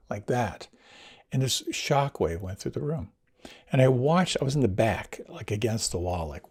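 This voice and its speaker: An older man, a meditation teacher, recounting his experiences in a reflective storytelling talk, swinging between near whispers and lively bursts. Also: medium pitch, moderate pace, husky. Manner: animated, drops to near whispers and rises again.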